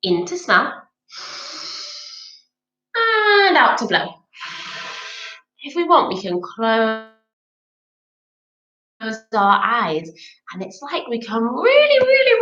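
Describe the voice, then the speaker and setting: A woman's voice: fairly high pitch, wildly swooping pitch, slow, long pauses, sharp tone, reverberant, highs cut off. A woman leading a children's yoga class in a playful, coaxing, sing-song way. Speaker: kids' yoga teacher.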